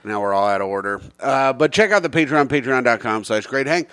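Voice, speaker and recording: A man's voice: mid-range voice, expressive, brisk, a bit bright, smooth, no echo, clean studio sound. A young man hosting a casual podcast, crude and joking as he reads out listener comments. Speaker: podcast host.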